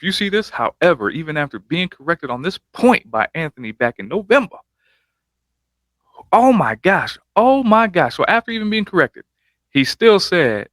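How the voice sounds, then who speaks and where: A man's voice: fairly high pitch, big pitch swings, normal speed, a bit bright, no echo. A man hosting a reaction video, giving casual commentary over clips with emphatic, hyping interjections.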